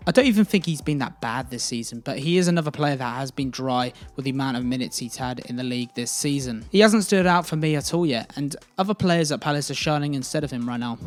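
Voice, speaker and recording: A man's voice: mid-range voice, expressive, fast, few pauses. A young man hosting a casual football video, giving chatty, opinionated and jokey commentary.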